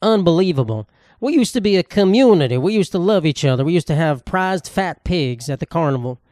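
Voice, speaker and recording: A man's voice: on the high side, expressive, a little fast, darkish tone, dry recording, clean studio sound, lightly acted. A man voicing an outraged small-town parent who mourns lost community values in an indignant, exclaiming way. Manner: indignant, exclaiming, mock-nostalgic.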